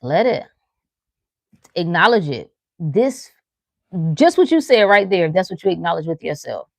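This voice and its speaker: Low-voiced woman giving casual motivational talk. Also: sing-song, unhurried, creaky, long pauses, no echo. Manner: earnest, repetitive affirmations spoken aloud. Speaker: host of a live stream answering chat.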